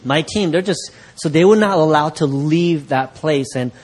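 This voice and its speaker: Animated male pastor telling a story. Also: a little high, moderate pace, breathy edge. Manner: animated, laughing while acting out quoted voices. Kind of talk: sermon storytelling.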